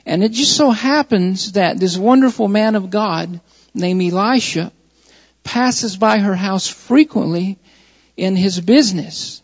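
High-voiced gravelly preacher in a hall. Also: male voice, unhurried. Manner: reads scripture, then preaches with repeated emphasis. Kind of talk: sermon with scripture reading. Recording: muffled hall recording.

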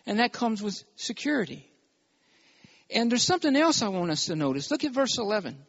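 High-pitched pastor guy preaching hard, asks for amens, muffled lo-fi sound. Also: very animated, fairly quick. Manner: emphatic preaching with call-and-response amens. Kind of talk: sermon.

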